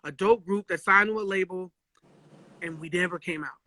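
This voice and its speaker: Bright, animated man telling stories. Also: high-pitched, normal speed, dry recording. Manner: animated, slangy, swears a lot, acts out quotes. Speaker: live-stream guest telling stories. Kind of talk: casual storytelling chat. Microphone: phone live stream.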